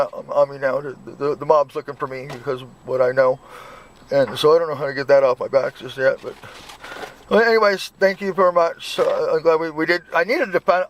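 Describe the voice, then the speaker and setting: Host type, man, stammering and restarting, slightly high voice. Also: dull audio, a little hiss or hum. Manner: halting, repeats words and restarts often. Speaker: channel host. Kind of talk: casual chat and phone calls.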